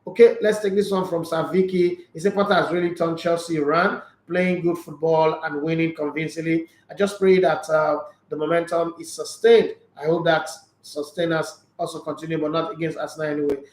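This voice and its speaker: A man with a Nigerian English accent hosting a sports show, reading viewer comments aloud and answering them in a husky, tired voice. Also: on the high side, steady tone, a little fast, hardly any pauses, roomy sound, rough recording. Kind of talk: casual sports chat.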